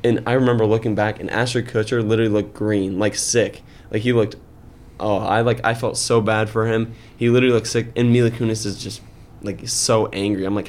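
A man's voice: lowish voice, brisk. A young man in his twenties, a podcast co-host, telling a story in casual chat with lots of fillers and rising heat. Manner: animated storytelling, many fillers.

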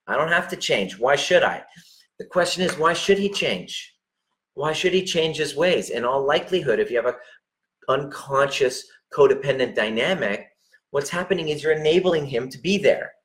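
A man's voice: fairly high pitch, normal speed, a bit bright. A man giving blunt relationship coaching, talking directly to the listener, emphatic and peppered with swearing. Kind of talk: direct unscripted coaching talk.

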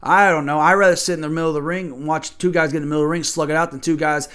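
A man's voice: a little high, fairly even intonation, racing, fairly bright tone, clean tone. A man hosting a podcast and delivering a blunt, profane sports rant full of rhetorical questions. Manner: argumentative, asks rhetorical questions. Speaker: podcast host.

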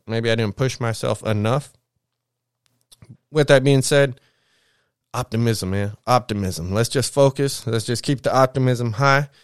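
A man's voice: mid-range voice, clean tone, dry recording, clean studio sound. A young American man talking in a rambling, casual monologue, heavy with slang and swearing. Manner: rambling, profane, slangy street talk. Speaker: vlogger.

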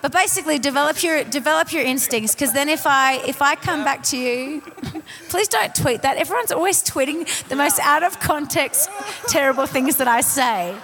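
A woman's voice: high voice, normal speed, a bit bright. A woman speaking casually on a songwriting panel, rambling with many fillers and laughing at herself. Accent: non-American (commented on). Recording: long hall reverb.

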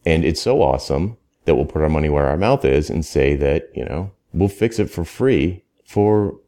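A man's voice: a bass voice, expressive, moderate pace, mellow. A man talking casually in a podcast conversation, emphatic and rambling, often restarting his sentences. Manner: rambling, self-correcting, emphatic. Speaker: consultant guest.

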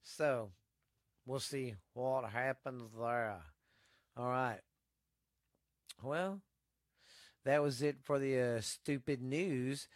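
A man's voice: medium pitch, extremely slow, pauses often, no echo, studio quality. A man with a Texan accent hosting a podcast, rambling bluntly through the news with constant swearing. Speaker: podcast host. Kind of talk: casual profane news chat. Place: home desk setup.

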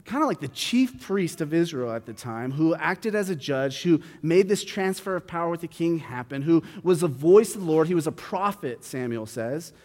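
A man reads a Bible passage and then explains it in a relaxed, conversational way, thinking aloud with fillers and restarts. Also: a little high, normal speed, few pauses. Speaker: Bible teacher. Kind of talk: reading scripture then explaining it casually. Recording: long hall reverb.

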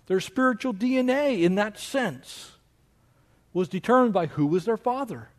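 A man preaching a sermon as pastor of his church, with animated delivery that mocks objections in a raised voice. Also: moderate pace. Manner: animated preaching, mocking quoted objections in a higher voice.

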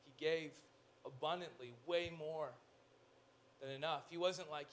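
A male pastor preaching a sermon in an animated way, with joking asides, swinging from loud to hushed. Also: fairly high pitch, measured pace, pauses often, a little hiss or hum.

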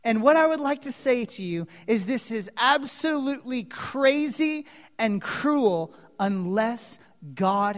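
A high-pitched male preacher tells a dramatic story from the pulpit, dropping to whispers for asides, then exclaiming loudly and asking his listeners questions. The hall around him rings with long reverb.

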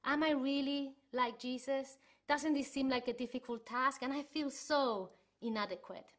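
A woman's voice: high-pitched, fairly even intonation, moderate pace. A woman from Chile giving an earnest sermon to an online church congregation, telling stories as she teaches. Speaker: church speaker.

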